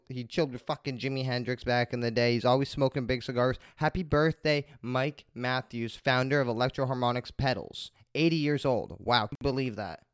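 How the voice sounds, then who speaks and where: A man's voice: medium pitch, smooth, dry recording, clean studio sound. A man hosting his own podcast, telling a rambling story in a casual, heavily profane monologue. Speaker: podcast host.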